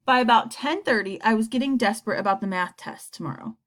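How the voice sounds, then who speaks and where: A woman narrating a children's story aloud in an expressive reading voice. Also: a little high, fast. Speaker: narrator, audiobook reader.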